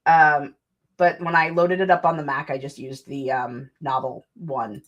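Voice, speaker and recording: Woman streamer, slightly low voice, casual rambling chat, self-mocking. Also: fairly even intonation, a little slow, muffled recording. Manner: chatty, rambling, self-deprecating. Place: home desk.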